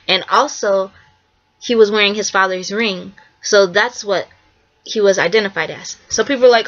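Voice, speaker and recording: A woman's voice: medium pitch, moderate pace, fairly bright tone, lo-fi sound. A young woman artist giving a casual, earnest spoken presentation, repeating herself for emphasis and often acting out quotes. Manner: earnest, repetitive, acts out quotes. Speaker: artist presenting her work.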